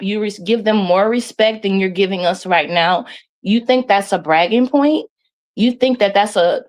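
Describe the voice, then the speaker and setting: A woman co-hosting a casual commentary chat, animated and incredulous as she makes her points. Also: mid-range voice.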